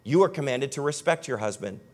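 A man's voice: mid-range voice, animated, fairly quick, a little mellow. A young man preaching a sermon to a live audience in a conversational, emphatic way, speaking directly to his listeners. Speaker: pastor. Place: church hall with a live audience.

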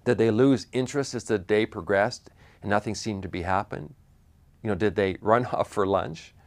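A man preaching a sermon, retelling a Bible story with animated asides and frequent restarts. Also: fairly low pitch, normal speed.

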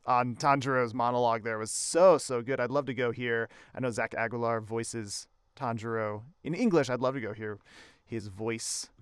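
Enthusiastic man with a smooth voice. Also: mid-range voice, moderate pace, no echo, studio quality. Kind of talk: casual chat reviewing an anime film.

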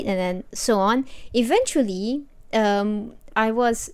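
A woman's voice: on the high side, slow pace, smooth. A young woman co-hosting a podcast in casual chat, chatty and rambling with lots of "like" and "you know". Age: young adult. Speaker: podcast co-host.

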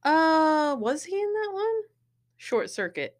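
A woman's voice: sits high, sing-song, takes it slowly. A woman co-hosting a podcast, chatting casually through a movie-trivia game and laughing often. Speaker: podcast co-host.

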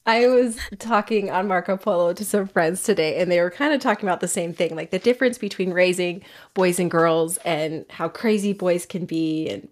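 A woman who is a mother, chatting casually on a podcast and telling stories with quick asides. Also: on the low side. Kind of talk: casual chat.

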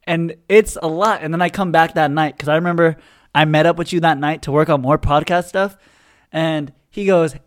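A young man co-hosting a podcast, chatting casually and acting out quotes with growing excitement. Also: on the high side, normal speed. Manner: animated storyteller, acts out quotes with rising excitement. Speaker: podcast co-host. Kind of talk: casual chat.

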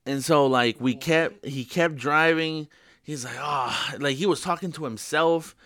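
A young man chats on a podcast, telling a story with plenty of energy. His voice is bright and forward, and it leaps upward whenever he quotes someone. He swears easily and talks like he's with friends. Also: a little slow. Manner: animated storytelling, jumps pitch for quoted voices, swears freely. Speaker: podcast co-host. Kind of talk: casual storytelling chat.

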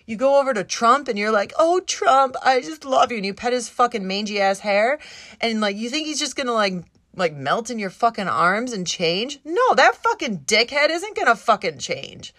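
A woman's voice: a little high, big pitch swings, moderate pace, fairly bright tone, dry recording. A woman hosting a solo podcast, talking in an impassioned, rambling way, swearing constantly and at times close to tears. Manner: emotional, near tears at times. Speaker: podcast host. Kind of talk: casual solo podcast monologue.

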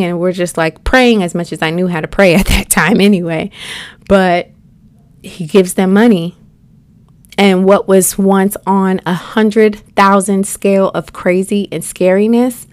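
A woman from the United States telling a personal story in a chatty, animated way, speaking straight to her listeners and acting out the people in it. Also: on the low side, clear, resonant tone, no room sound.

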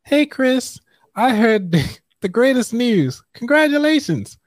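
A man putting on a high woman's voice to play a female corporate supervisor while reading aloud. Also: big pitch swings, unhurried, no echo, clean studio sound, exaggerated voice. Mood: cheerful. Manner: high falsetto-like imitation of a woman. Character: female corporate supervisor, upbeat then firing him.

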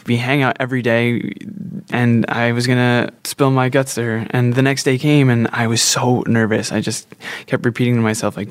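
A man's voice: mid-range voice, flat delivery, brisk, smooth, no room sound. A man telling a personal story, candid and self-deprecating, chuckling now and then.

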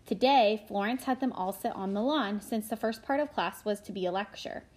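A woman narrating a children's novel aloud in an expressive reading style, with small slips and restarts. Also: mid-range voice, moderate pace, low-quality recording. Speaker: audiobook narrator.

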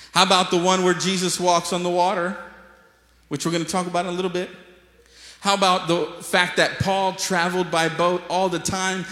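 A man preaching a sermon to a congregation, telling stories playfully and acting out the voices of the people in them. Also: high-pitched. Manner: lively storytelling preacher, acts out voices, jokes with the congregation. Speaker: pastor. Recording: echoey hall with long reverb.

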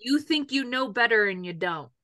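A woman's voice: a little high, animated, moderate pace, bright, forceful tone, dry recording, clean studio sound. A woman co-hosting a casual podcast chat, blunt and ranting, swearing freely. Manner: blunt, swears, exasperated rants. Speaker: podcast co-host.

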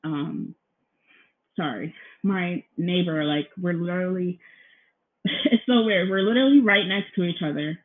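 A woman's voice: lowish voice, a little slow, pauses often. Rambling young woman on a tinny laptop mic. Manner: rambling, apologetic, frequent ums and "you guys"; nervous, feels out of breath. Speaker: podcast host. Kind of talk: casual solo podcast chat. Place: her apartment. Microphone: laptop recording, headphones in. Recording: tinny phone-like laptop recording.

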